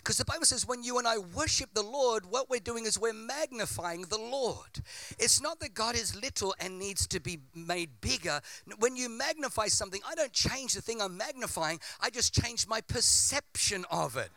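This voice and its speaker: A man's voice: high voice, animated, moderate pace, pushed and bright, dry recording. A man preaching a sermon with impassioned, repetitive build-ups.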